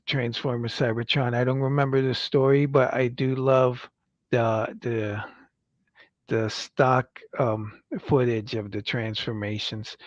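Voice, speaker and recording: A man's voice: mid-range voice, no room sound, highs cut off. A man hosting a casual toy-review livestream, rambling with fillers and restarts as he reads product copy aloud. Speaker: livestream host.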